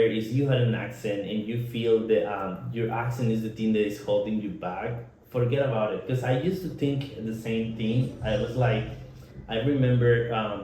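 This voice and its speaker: Nicaraguan-accented man, low voice, earnest chat, very echoey room. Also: mellow, slight background noise. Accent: Nicaraguan Spanish. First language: Spanish. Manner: earnest, laughs often, halting in his second language. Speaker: podcast co-host. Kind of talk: casual chat.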